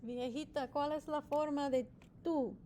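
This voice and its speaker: A woman's voice: high-pitched, steady tone, normal speed, dark tone, slight background noise. A woman teaching a Spanish class, explaining step by step, checking in with students and mixing in Spanish praise and playful nicknames.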